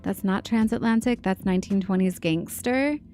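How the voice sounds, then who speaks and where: A woman's voice: mid-range voice, normal speed, dark tone, soft background music. A woman livestreaming a game, chatting in a rambling, chatty way with lots of fillers. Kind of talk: casual livestream chat while gaming.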